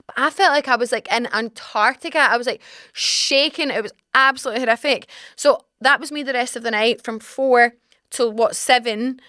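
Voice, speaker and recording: A young woman in her twenties with a Scottish accent, hosting a podcast and telling a frank, animated story in casual chat. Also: on the high side, normal speed, no room sound, clean studio sound. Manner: animated, dramatic, swearing, frank. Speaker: podcast host. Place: small podcast studio. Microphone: studio mic.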